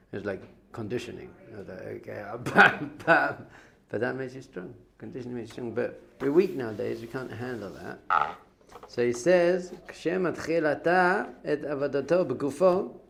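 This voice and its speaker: Chatty male rabbi with a gravelly voice. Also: mid-range voice. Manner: animated storytelling, acts out quotes with exclamations; chatty, laughs often. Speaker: rabbi teaching a class. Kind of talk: lively Torah class to young students.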